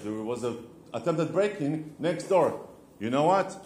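A man's voice: medium pitch, animated, moderate pace, a little mellow, roomy sound, a little hiss or hum. A man hosting a podcast, telling stories and teaching about marriage in an informal way, asking questions and answering them himself. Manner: storytelling, asks and answers his own questions. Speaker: podcast host giving marriage advice. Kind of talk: informal religious teaching monologue.

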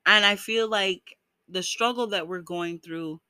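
A woman's voice: mid-range voice, a little slow, pushed and bright, clear, resonant tone, no echo. A woman talking to her viewers in an earnest, encouraging vlog, full of "you know" fillers. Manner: emotional, breaks into laughs while speaking. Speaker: vlogger.

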